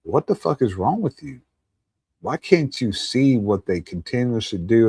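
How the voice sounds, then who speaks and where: A man's voice: mid-range voice, darkish tone, dry recording, clean studio sound. A man hosting a show, ranting with profanity and scornful laughs in political commentary. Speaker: host.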